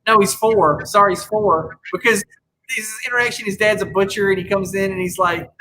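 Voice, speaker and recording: A man's voice: sits high, fairly even intonation, a little fast, bright, forceful tone, slight background noise, poor audio. A man co-hosting a podcast in casual chat, opinionated and rambling, often restarting his sentences. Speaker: podcast co-host.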